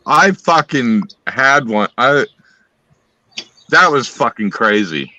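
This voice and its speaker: A man spins a long story in a bright, forceful voice, swearing in nearly every sentence and piling one aside on top of another. The sound is dry and close, with almost no room around it. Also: mid-range voice, a little slow, dry recording, dull audio. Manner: rambling, swears constantly, animated retelling. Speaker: storyteller on a live stream. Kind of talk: casual profane storytelling.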